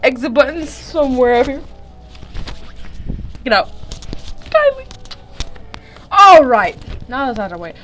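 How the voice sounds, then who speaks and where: Here a young female vlogger with a high, lively voice reads fan fiction into her phone at a normal pace, pausing often, over poor-quality audio. Giggly and rambling, she keeps breaking off mid-reading to remark on what she's reading.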